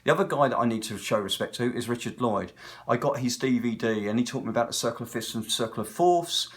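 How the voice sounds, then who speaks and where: A man's voice: mid-range voice, fast. A man in his sixties with a British accent, a guitar technician talking in a casual, rambling monologue that hops from one tangent to the next. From Britain. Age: 60s. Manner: digressive, talkative, tangent-hopping storyteller.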